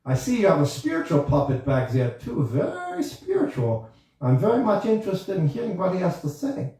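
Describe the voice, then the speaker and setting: A man's voice: high voice, huge pitch swings, normal speed, warm tone. A man voicing a polite male professor puppet in a formal manner with a put-on foreign accent. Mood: courteous. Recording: echoey room, voice far from mic.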